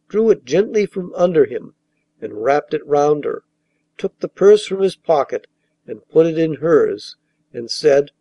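A man reading a fairy tale aloud as an audiobook narrator in a measured, even storytelling manner. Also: fairly high pitch, no room sound.

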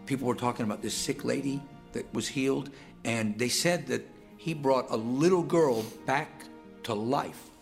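A man's voice: medium pitch, moderate pace, creaky, natural voice. An actor playing a blind man who tells, in a chatty and self-mocking way, how he set out to find a healer. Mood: eager. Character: blind man seeking healing, hopeful and chatty. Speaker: actor in a played video. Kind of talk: dramatic monologue. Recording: video with faint music underneath.

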